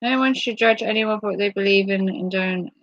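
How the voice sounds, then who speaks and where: A woman hosting a casual livestream who reads viewer comments aloud, flustered and apologetic as she thinks out loud. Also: mid-range voice, a little fast, no echo, dull audio. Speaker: livestream host. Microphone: tablet device.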